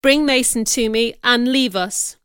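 Woman reading a commanding gentleman. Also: a little high, a little slow, smooth, no room sound, clean studio sound. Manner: urgent, commanding. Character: Mister Rochester, commanding man.

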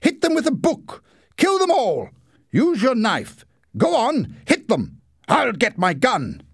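A man doing a shrill, hot-headed young man barking orders. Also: wildly swooping pitch, slow, gravelly, slightly rough, no room sound, clean studio sound, exaggerated voice. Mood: aggressive. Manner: shouting commands.

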